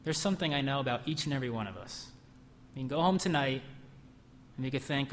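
A man's voice: mid-range voice, lively intonation, quick pace, slight background noise. A man preaching a sermon in a church, emphatic, asking the room questions and acting out whispered lies. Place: church hall. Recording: long hall reverb.

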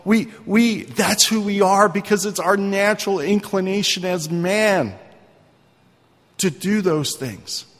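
A man's voice: high voice, slow. A male pastor preaching a sermon in an earnest, conversational way, often asking his listeners questions. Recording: long reverb of a hall.

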